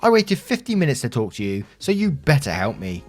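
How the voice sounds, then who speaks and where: Guy doing a furious entitled caller, ranting and abusive, pitched up high and loud. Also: animated, a little fast, soft background music, close to an everyday voice. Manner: ranting, abusive, self-important. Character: irate entitled male caller, shouting and threatening.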